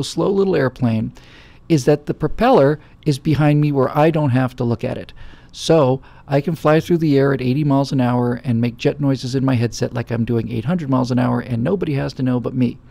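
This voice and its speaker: A man's voice: mid-range voice, gravelly, warm tone. A middle-aged man hosting a show, telling rambling stories in casual chat with lots of fillers. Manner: rambling storytelling with many fillers. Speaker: show host.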